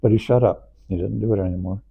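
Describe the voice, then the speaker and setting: An older man being interviewed, rambling through anecdotes with frequent chuckles, his voice gravelly. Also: on the low side, steady tone, fast, phone-quality sound, slight background noise. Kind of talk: anecdotal storytelling.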